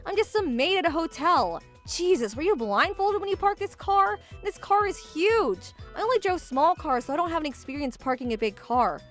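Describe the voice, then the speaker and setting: A woman narrating a first-person animated story as its lead, with an exasperated, sarcastic inner-monologue manner. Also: very high-pitched, moderate pace, few pauses, soft background music.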